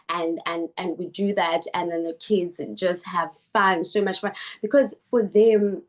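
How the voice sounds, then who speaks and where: Woman on a video call, earnest, keeps restarting her sentences. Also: mid-range voice. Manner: earnest, halting with many restarts. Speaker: book club founder speaking at a webinar. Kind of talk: online meeting talk.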